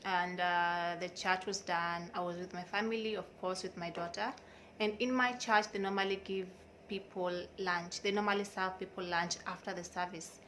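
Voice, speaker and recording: A woman's voice: on the low side, steady tone, normal speed, fairly bright tone, slight background noise. A young woman tells a personal story in a candid vlog, in an emotional, confiding and outspoken way. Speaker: vlogger.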